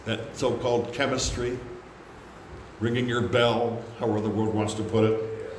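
A man preaching a sermon, animated, acting out quotes in loud high voices. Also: normal speed. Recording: very echoey room with faint background hum.

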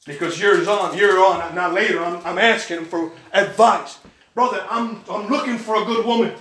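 Male preacher, high and bright, lively storytelling sermon, roomy echo. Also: moderate pace, a little hiss or hum. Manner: animated storytelling, acts out quoted voices. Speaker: pastor. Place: church.

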